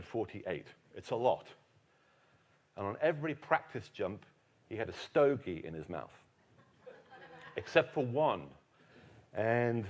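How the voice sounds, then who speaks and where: A middle-aged man with an English accent tells a history story to a live audience as keynote speaker, dropping dry, teasing jokes. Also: lowish voice. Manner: dry, joking asides to the audience.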